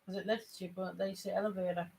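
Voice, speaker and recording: Flat, quick and creaky, this slightly mellow mid-range voice belongs to a family channel vlogger from Sunderland with a northeast English accent. The casual chat is rambling storytelling full of restarts, captured in low-quality audio.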